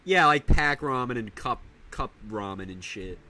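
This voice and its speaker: A young man streaming casually, rambling in slang and breaking into loud high yells. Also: animated, moderate pace. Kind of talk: casual live-stream chat.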